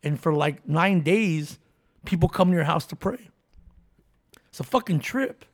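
A man's voice: a little high, measured pace. A man in casual chat with friends, joking, swearing freely and dropping into Spanish for quoted voices.

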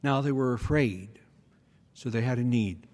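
A man giving a conversational teaching homily, often pausing to check in with his listeners. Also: medium pitch, a little mellow. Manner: conversational, checks in with the audience by asking "okay?" and "hmm?". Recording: reverberant hall.

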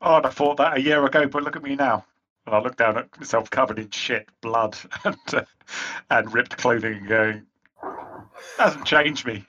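A man's voice: mid-range voice, fairly even intonation, normal speed, sharp tone, dull audio. A man playing a tabletop game, casual and hesitant, laughing as he speaks. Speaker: player.

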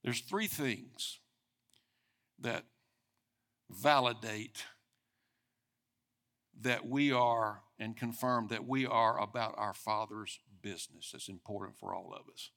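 A man's voice: mid-range voice, fairly even intonation, slow, pauses often. Man preaching a conversational sermon. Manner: conversational preaching, speeding up and swelling in loudness for emphasis. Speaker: pastor.

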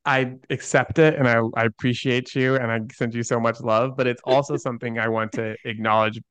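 A man's voice: mid-range voice, fairly even intonation, brisk, fairly bright tone, smooth, no echo. A young adult man, an interview guest, telling a story earnestly with lots of "like" fillers. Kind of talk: conversational storytelling.

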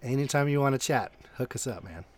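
A man hosting a casual podcast chat, animated and laughing a lot. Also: medium pitch, fast. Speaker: podcast host.

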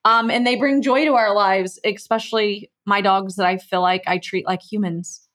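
A woman's voice: medium pitch, fairly even intonation, moderate pace, fairly bright tone. A woman, a podcast guest telling a casual story in a chatty way and acting out quoted dialogue.

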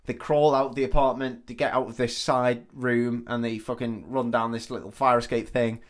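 A man's voice: mid-range voice, little pitch movement, normal speed. A man co-hosting a podcast, animatedly recapping a film plot in casual, sweary chat. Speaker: podcast co-host.

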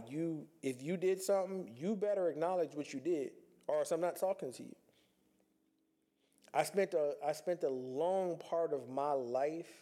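A man's voice: on the high side, darkish tone. A man talking earnestly in a reflective personal monologue, conversational and repeating himself as he works through his thoughts.

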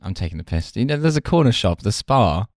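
A man from London with a British English accent, co-hosting a podcast with deadpan, teasing, sweary jokes. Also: on the low side, fast talker, no echo, clean studio sound. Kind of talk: casual podcast banter.

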